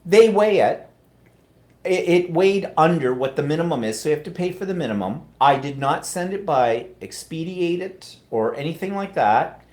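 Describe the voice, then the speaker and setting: A man's voice: a little high, lively intonation, normal speed, a little mellow. A middle-aged Canadian man with a Canadian accent, chatting casually on a live stream and reading out viewer comments.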